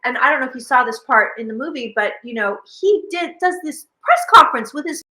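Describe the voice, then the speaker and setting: A woman hosting a casual psychic chat, telling stories quickly and acting out what people said. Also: high-pitched, roomy sound, poor audio. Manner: animated storyteller who acts out quoted speech. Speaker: psychic medium and host.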